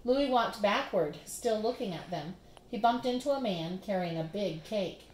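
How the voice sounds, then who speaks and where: A woman's voice: mid-range voice, normal speed. Woman reading a children's book. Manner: lively, expressive storybook narration. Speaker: storyteller. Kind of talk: children's book read-aloud. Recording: roomy.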